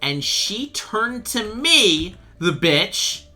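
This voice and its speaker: A young man chatting while he plays a game, telling a rambling, animated story and swearing freely. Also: sits high, drawn-out words, soft background music. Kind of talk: casual storytelling chat.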